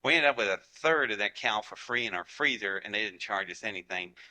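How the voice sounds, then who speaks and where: A man's voice: fairly low pitch, lively intonation, a little fast, bright, forceful tone, rough recording. A man in his forties from Ohio, telling a folksy story to an audience and acting out what people said. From Ohio, United States. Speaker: speaker giving a talk to an audience.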